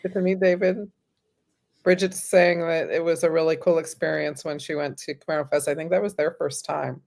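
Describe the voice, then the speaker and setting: A woman hosting a casual chat, easygoing and quick to laugh at her own stories. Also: deep voice, little pitch movement, vocal fry, a little mellow, a little hiss or hum. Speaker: host.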